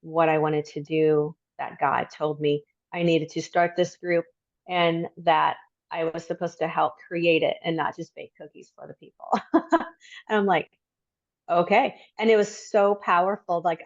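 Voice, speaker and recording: A woman's voice: fairly low pitch, no room sound. Reflective middle-aged woman, muffled sound. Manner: reflective, halting with many ums. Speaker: podcast guest. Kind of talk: personal story in interview.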